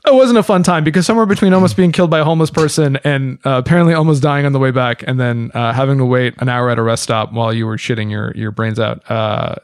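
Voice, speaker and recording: Fast-talking man telling a story. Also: medium pitch, dry recording. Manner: animated storyteller acting out quotes. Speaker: podcast co-host. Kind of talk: casual storytelling chat.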